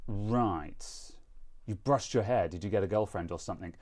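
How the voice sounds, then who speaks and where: A man's voice: fairly low pitch, normal speed, a little mellow. A British man hosting a live stream, chatting casually in a rambling, self-mocking way. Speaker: streamer host.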